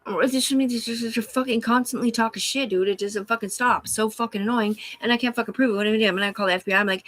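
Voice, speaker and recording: A woman's voice: on the high side, steady tone, very fast, few pauses, a bit bright, no room sound. A woman rambling and swearing casually on a live stream from her room, talking back to her chat. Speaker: livestreamer.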